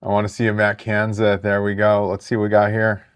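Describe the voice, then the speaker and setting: A man in his thirties hosting a live card break stream, chatting excitedly with viewers in the chat. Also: on the low side, fairly quick, smooth.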